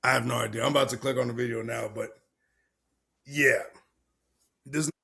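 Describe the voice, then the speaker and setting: A man's voice: mid-range voice, steady tone, moderate pace, creaky, pushed and bright, slightly rough. A young adult man hosting a podcast, talking bluntly and loosely while reacting to a video clip. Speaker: podcast host. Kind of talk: casual chat reacting to a clip.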